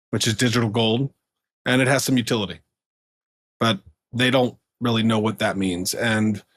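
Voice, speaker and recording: A man's voice: mid-range voice, fairly bright tone, no room sound, studio quality. A man guesting on a podcast, chatting casually with frequent fillers, restarts and laughs mid-sentence. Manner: rambling, full of fillers and restarts. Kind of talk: casual storytelling.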